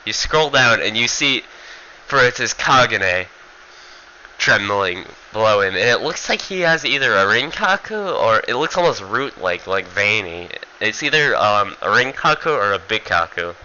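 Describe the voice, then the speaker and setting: A man's voice: on the low side, expressive, normal speed, bright, forceful tone, lo-fi sound, a little hiss or hum. A man giving a casual, rambling manga review, full of fillers and swearing.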